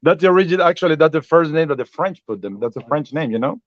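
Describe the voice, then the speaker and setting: A man's voice: on the high side, expressive, fast talker, dry recording, lo-fi sound. Man hosting a chatty live stream. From Peru. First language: Spanish. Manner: chatty, laughs often, mixes English and Spanish. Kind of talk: casual live-stream chat.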